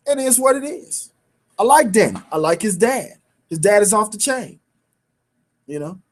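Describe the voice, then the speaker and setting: A man hosting a sports talk show, bantering in casual street slang and repeating his points for emphasis. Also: sits high. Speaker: sports radio host.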